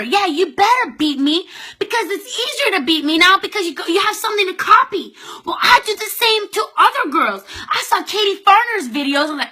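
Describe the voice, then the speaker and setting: A woman's voice: very high-pitched, expressive, a little fast, bright, forceful tone. A Canadian woman who talks in a bubbly, chatty way, giving casual motivational business advice in a vlog and acting out her conversations with others. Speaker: direct sales consultant giving business advice.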